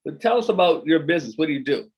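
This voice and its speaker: A man's voice: fairly high pitch, expressive, very fast, slightly rough, highs cut off. A man hosting a podcast interview, talking with energy and repeating phrases for emphasis as he hypes his guest. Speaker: podcast host. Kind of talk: casual interview chat.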